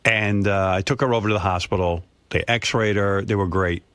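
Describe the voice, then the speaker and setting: A man's voice: lowish voice, normal speed, no room sound. A man, hosting a radio talk show and telling a personal story in casual talk. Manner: animated storyteller, acts out his parents' voices. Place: radio studio. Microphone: studio microphone.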